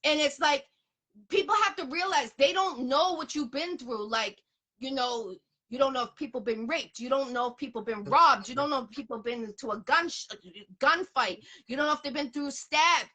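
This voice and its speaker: A woman's voice: high voice, moderate pace, bright, forceful tone. A woman from the area, hosting an interview in blunt, profane, emphatic casual talk. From Boston area, USA. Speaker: interview host.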